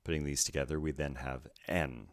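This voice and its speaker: A man's voice: extremely low pitch, fairly even intonation, fairly quick, dry recording. A man teaching Greek pronunciation, going carefully through each word letter by letter in a methodical way. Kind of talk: slow letter-by-letter pronunciation lesson.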